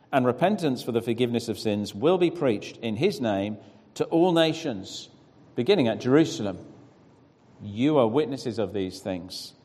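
A man's voice: medium pitch, a little mellow. A preacher reading scripture aloud, then teaching by putting questions to his listeners and praising their answers. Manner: questioning the audience, encouraging. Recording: long reverb of a large hall.

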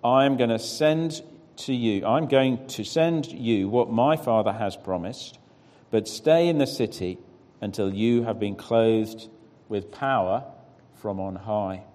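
A man's voice: on the low side, slow pace, a little mellow. A preacher reading scripture aloud, then teaching by putting questions to his listeners and praising their answers. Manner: questioning the audience, encouraging. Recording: long reverb of a large hall.

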